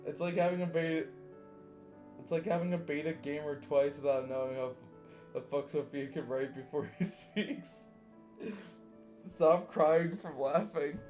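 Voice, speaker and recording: A young man with a fairly high voice reads fanfiction aloud and comments on it in an exasperated, self-mocking way. He swears freely and laughs often between lines. Faint guitar music plays behind him. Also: fairly even intonation, moderate pace, a little mellow. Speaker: reader reacting to fanfiction. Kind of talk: comedic fanfiction reading with commentary.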